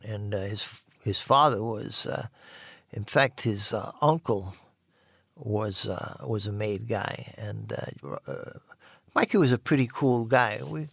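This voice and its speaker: An older man casually telling his own rough life story, blunt and profane, rambling with many restarts. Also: lowish voice, takes it slowly, a bit bright, dry recording, clean studio sound.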